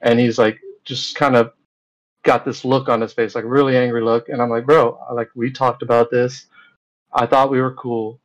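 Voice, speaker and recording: A man of ordinary pitch talks loosely as an interview guest, padding his story with fillers and retelling back-and-forth dialogue. The audio is a little dull, with the top end rolled off. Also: level tone, normal speed. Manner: rambling, with many fillers and retold dialogue.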